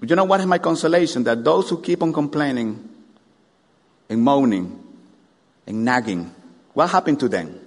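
Animated preacher man in echoing hall. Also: medium pitch, moderate pace, pauses often. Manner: animated, rhetorical questions to the congregation. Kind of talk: sermon. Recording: long hall reverb.

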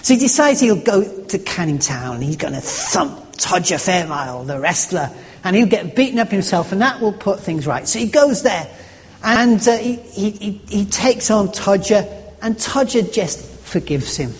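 A man preaching a sermon, telling a story in an earnest, halting way with frequent restarts. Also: high-pitched, very animated. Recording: echoey hall.

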